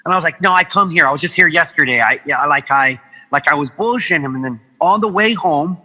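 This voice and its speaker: A man from Guam, a podcast guest, telling animated stories in casual chat, swearing freely and acting out the voices of people he quotes. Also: on the high side, quick pace, big-room sound, low-quality recording.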